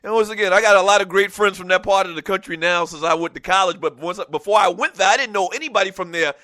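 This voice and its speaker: Chatty talk radio host, bright voice. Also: male voice, high-pitched, quick pace, no echo, studio quality. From Lowcountry South Carolina. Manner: rambling, chatty, laughs often. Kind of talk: casual talk radio monologue.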